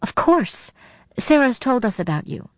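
A woman's voice: a little high, very animated, measured pace, dry recording, studio quality, voice pushed up. A woman voicing a worried, protective mother who questions sharply. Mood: firm. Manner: anxious, demanding.

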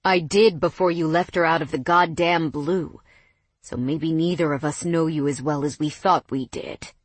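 A woman's voice: on the low side, moderate pace, dry recording. A protective, defiant young man, as a woman narrator plays him who snarls firm warnings. The voice is raised and hard-edged, and it sounds dry and close. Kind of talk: audiobook character voice.

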